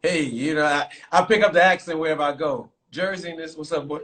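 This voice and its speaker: A podcast host runs a casual live-streamed talk show, his male voice slightly high and his pace brisk. He talks loosely, full of fillers, and keeps giving shout-outs to viewers.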